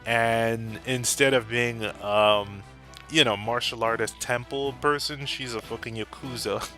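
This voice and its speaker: A man's voice: medium pitch, fairly even intonation, unhurried, bright, forceful tone, soft background music. A man in casual commentary about his fan character redesigns, candid and profane, laughing now and then.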